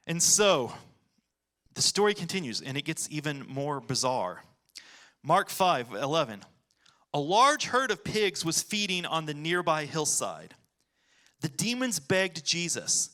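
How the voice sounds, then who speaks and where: Animated casual preacher with a bright voice. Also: male voice, on the high side, normal speed. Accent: American. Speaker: pastor. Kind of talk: sermon.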